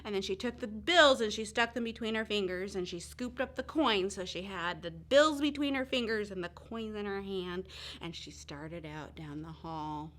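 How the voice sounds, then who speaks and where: A woman telling a Bible story to young children at chapel, expressive and sometimes dropping to a hush. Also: mid-range voice, moderate pace. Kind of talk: children's story and short sermon.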